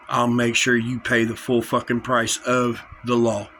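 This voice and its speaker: A man's voice: mid-range voice, monotone, measured pace, hardly any pauses, pushed and bright, slight background noise, rough recording. A man delivering an angry, confrontational vlog rant, full of threats and repetition. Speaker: vlogger. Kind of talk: angry direct-to-camera rant.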